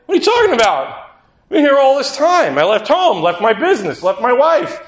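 A man's voice: very high voice, huge pitch swings, normal speed, echoey room, pitched above the performer's own voice, exaggerated voice. A male preacher voicing an indignant male disciple who protests his loyalty in rising exclamations.

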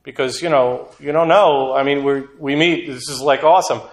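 A man's voice: medium pitch, steady tone, moderate pace. Earnest male preacher in an echoey hall. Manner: earnest, conversational, acts out quotes. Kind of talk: sermon. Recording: echoey room.

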